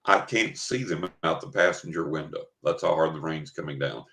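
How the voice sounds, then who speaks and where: A man's voice: rumbling low, normal speed, bright, forceful tone. An older man from West Texas, a guest in an interview, telling a story vividly and dramatically. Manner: vivid, dramatic storyteller who acts out his own thoughts. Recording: roomy, echoey recording.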